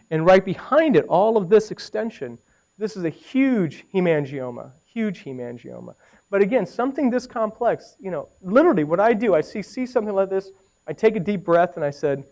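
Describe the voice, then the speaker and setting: A man's voice: a little high, a little mellow, rough recording. A middle-aged man giving a radiology lecture, conversational and walking through the images, with anecdotes and questions to the audience. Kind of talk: medical lecture.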